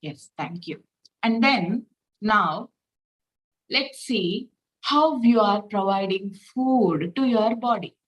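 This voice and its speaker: A woman, leading a spiritual reflection talk through gentle, repeated rhetorical questions. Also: medium pitch, animated, slow, highs cut off. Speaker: spiritual teacher.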